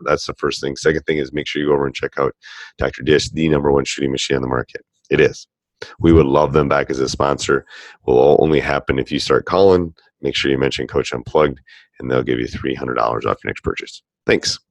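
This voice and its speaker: A man's voice: very deep voice, fairly even intonation, fairly quick, no room sound. A man doing a sponsor read for a coaching podcast, speaking earnestly and with emphasis.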